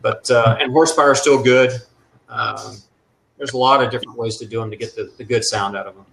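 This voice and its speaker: A man's voice: medium pitch, steady tone, fairly quick, creaky, a bit bright, poor audio. A man in his thirties chatting loosely about mufflers and exhaust setups, joking as he goes. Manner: loose, joking, rambling car talk. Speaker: muffler maker guest. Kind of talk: casual live show chat.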